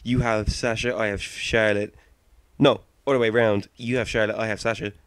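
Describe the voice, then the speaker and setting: A man's voice: fairly low pitch, little pitch movement, moderate pace, fairly bright tone, smooth, no echo. A British man co-hosting a podcast in casual chat, playful and teasing. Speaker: podcast co-host.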